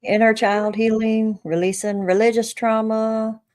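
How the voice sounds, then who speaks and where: A woman's voice: on the high side, flat delivery, measured pace, darkish tone. A woman co-hosting a casual live stream, chiming in with short agreeing remarks. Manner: brief agreeing interjections. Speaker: co-host, energy healer.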